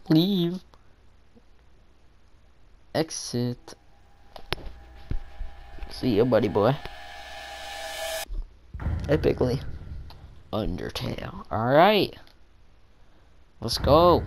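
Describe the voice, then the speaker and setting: A man's voice: medium pitch, big pitch swings, drawn-out words, pauses often, slight background noise. A teenage boy doing casual gameplay commentary, with crude, playful, joking banter. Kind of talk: casual let's-play commentary. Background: game music.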